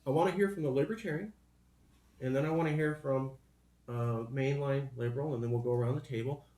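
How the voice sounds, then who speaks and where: A man hosting a casual panel discussion, talking in an animated way with mocking asides. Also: medium pitch, fairly quick, roomy sound. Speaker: podcast host.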